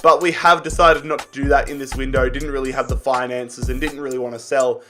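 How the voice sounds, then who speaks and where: A young man giving casual gameplay commentary, excitable, swearing freely and calling his viewers lads. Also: mid-range voice, a little fast, soft background music. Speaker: gaming YouTuber.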